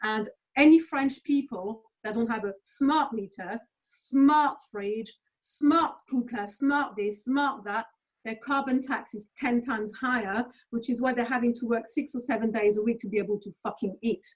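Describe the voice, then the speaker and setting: Blunt, sweary Englishwoman, husky voice. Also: on the high side, normal speed, poor audio. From England. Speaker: interview guest. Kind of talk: casual conversational rant.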